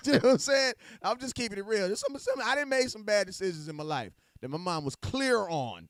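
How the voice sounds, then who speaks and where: A man's voice: high-pitched, expressive, brisk, no echo, clean studio sound. A man co-hosting a live sports stream, talking in loose slang and laughing often. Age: adult with a young daughter. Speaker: podcast co-host. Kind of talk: casual sports chat. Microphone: home mic on a live stream.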